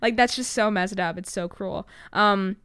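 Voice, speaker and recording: A sixteen-year-old girl hosts her own podcast in a medium-pitched, fairly bright, clean voice at normal speed, chatting casually on her own. She uses lots of fillers, swears, and makes self-mocking jokes, and the recording is dry with clean studio sound.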